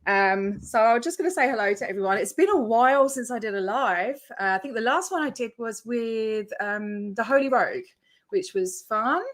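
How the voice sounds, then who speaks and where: A woman's voice: fairly high pitch, animated, normal speed. An Australian woman hosting her own livestream, chatting casually and rambling as she greets her viewers by name. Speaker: YouTube channel host.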